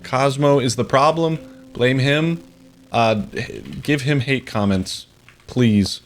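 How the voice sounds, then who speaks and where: A young man streaming a game, his pitch jumping all over as he jokes and plays up the drama. He speaks at a mid pitch with a faint game soundtrack behind him. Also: lively intonation, slow. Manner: playful, joking, mock-dramatic. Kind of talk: live game stream commentary. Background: faint game music.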